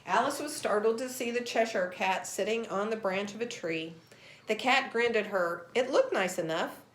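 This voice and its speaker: A woman reading a children's storybook aloud in an expressive, animated way. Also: medium pitch, normal speed, slight background noise. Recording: roomy echo.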